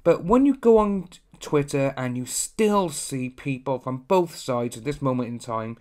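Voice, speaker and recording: A young man delivers a casual commentary in a blunt, ranting way, slipping into mocking quotes of other people. His voice sits at an ordinary middle pitch. He talks like a channel host airing his opinions. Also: lively intonation, unhurried, a little mellow.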